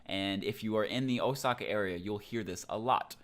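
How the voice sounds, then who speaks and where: A young man with a fairly low voice explains Japanese grammar fairly quickly in a relaxed, loose style, dropping plenty of ums and likes. He comes across as a casual online language teacher.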